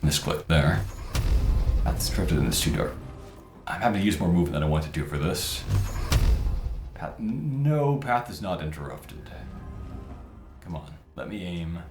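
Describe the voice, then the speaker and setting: A man with a low voice talks through his game moves, thinking aloud and muttering over tactics. His pitch swings up and down as he talks. The voice sounds a little roomy, and game music plays clearly behind him. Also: lively intonation, a little slow, long pauses. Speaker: gameplay commentator. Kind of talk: casual let's-play commentary.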